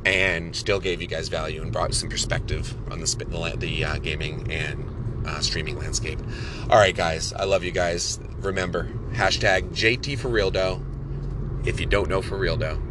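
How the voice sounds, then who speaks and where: A fairly low-voiced man hosts a solo podcast. He talks in a heartfelt, emphatic way, jumping up in pitch when he gets worked up, and a faint hum sits under his voice. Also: moderate pace. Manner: animated, emphatic, repeats words and restarts. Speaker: podcast host and streamer.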